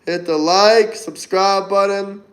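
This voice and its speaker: A man's voice: sits high, fairly even intonation, takes it slowly. Upbeat man hosting a livestream. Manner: upbeat, chatty, giving shout-outs. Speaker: livestream host. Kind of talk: casual live-stream chat reading comments.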